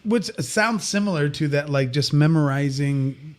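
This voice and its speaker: A man hosting a podcast, telling an anecdote in relaxed, halting chat with many fillers. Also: a little high. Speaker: podcast host. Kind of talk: casual chat.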